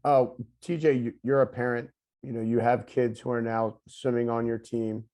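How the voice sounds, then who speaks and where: A man's voice: medium pitch, little pitch movement, normal speed, dark tone. A man hosting an interview who asks plain, friendly questions in a casual way. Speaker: interview host.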